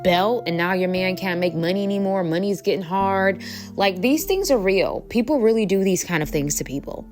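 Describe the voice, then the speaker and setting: A woman's voice: fairly low pitch, darkish tone. A woman talking casually to her viewers, telling a story in a chatty, rambling way with lots of fillers. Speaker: spiritual coach.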